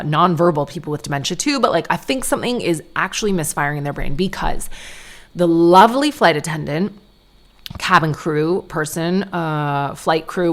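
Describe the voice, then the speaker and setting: Podcast host, woman, low register, chatty animated storyteller. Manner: chatty and animated, acting out quoted people. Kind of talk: casual storytelling monologue.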